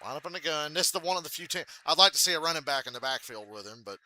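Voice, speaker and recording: A man reacting live to a football game, with profane, excitable outbursts. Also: a little high, racing, slight background noise.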